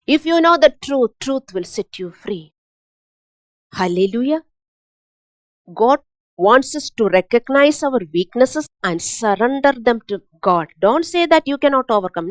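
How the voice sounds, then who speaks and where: A woman's voice: fairly high pitch, no echo. A woman pastor from India, preaching a sermon with emphatic repetition and rhetorical questions.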